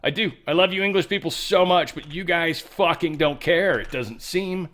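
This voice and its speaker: A man hosts his own show, delivering casual news commentary as a rambling, profane rant. His voice is fairly high and fairly bright, at normal speed.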